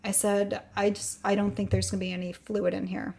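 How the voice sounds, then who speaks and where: A woman's voice: medium pitch, fairly quick, creaky. Thirty-something woman telling a long story casually, acts out the quotes. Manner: animated storyteller who acts out quoted voices. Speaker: guest telling her pregnancy story. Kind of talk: casual chat.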